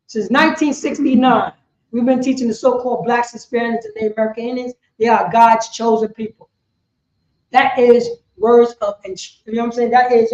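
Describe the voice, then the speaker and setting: A man's voice: very high voice, a little mellow. A man giving rambling scripture teaching, constantly asking "you know what I'm saying". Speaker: religious teacher. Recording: echoey room, dull lo-fi sound.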